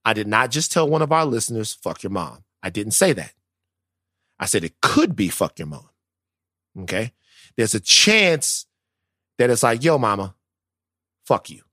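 A man's voice: mid-range voice, very animated, moderate pace, pauses often, pushed and bright, no echo, studio quality. A man, co-hosting a podcast in casual, profane, joking banter. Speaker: podcast co-host.

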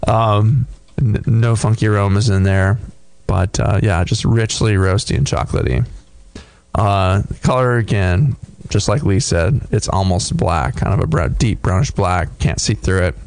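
A man co-hosting a beer podcast, casually describing a tasting in a thoughtful, halting way with many fillers. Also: fairly low pitch, a little mellow, dry recording. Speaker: podcast co-host reviewing beer.

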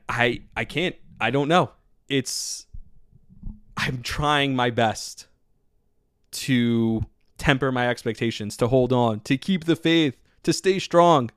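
A man talks through a solo sports podcast, excitable and rambling, full of filler words. His voice sits at an ordinary pitch. The recording is dry and close, with no room sound. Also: clear, resonant tone, no echo. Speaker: podcast host.

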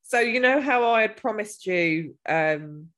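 A woman's voice: mid-range voice, expressive, measured pace, a bit bright. A woman co-hosting a podcast, chatting casually and crudely with bursts of giggling. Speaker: podcast co-host.

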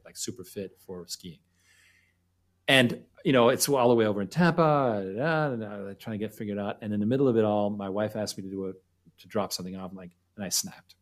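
Low-voiced man, chatty interview guest. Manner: chatty, reflective, trailing off. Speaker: company founder and guest. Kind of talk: casual interview conversation.

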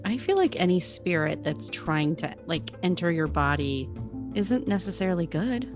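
A woman with a slightly low voice chats easily as a podcast co-host. She muses aloud, hedges her views and laughs readily, with faint music underneath. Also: sing-song, normal speed. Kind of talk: casual chat.

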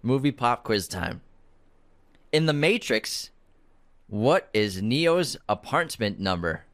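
Brief: young male co-host, teasing banter, animated intonation. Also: mid-range voice, slow pace. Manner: joking, playful banter. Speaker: podcast co-host. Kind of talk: casual chat with ad reads.

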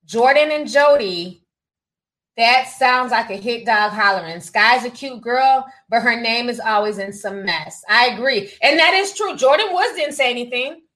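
Reading viewer super chats on her gossip livestream, this woman sounds a little high and animated, moving at a moderate pace with a sharp tone on a rough recording. She's chatty and sassy, tosses in "honey" and "child," and laughs a lot between comments.

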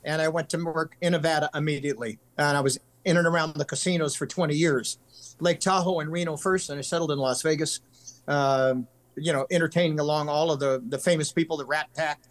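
A man's voice: a little high, steady tone, brisk. An older man from California, a country singer guest telling long earnest stories in casual interview chat. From California, USA. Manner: earnest, rambling storyteller.

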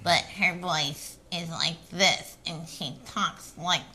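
A woman putting on a slow, drawn-out impression of another woman's way of talking, mockingly. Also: on the low side, fairly even intonation, bright, forceful tone, a little hiss or hum. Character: adult woman drawling slowly, imitated.

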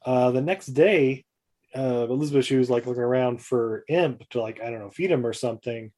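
A man's voice: mid-range voice, normal speed. A man co-hosting a podcast, casually retelling a movie plot with lots of fillers and playful quoted voices. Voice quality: mellow, rambling with many fillers. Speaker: podcast co-host. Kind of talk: casual movie recap chat.

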